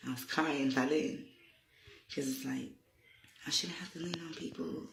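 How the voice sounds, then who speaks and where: A man recounts a personal story in a loose, rambling way, laughing between thoughts. His voice is bright and gravelly, and it rings in an echoey room. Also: fairly high pitch, fairly even intonation, measured pace, a little hiss or hum. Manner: rambling, conversational, frequent "you know" and "like"; laughs often while telling. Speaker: holistic healer vlogger.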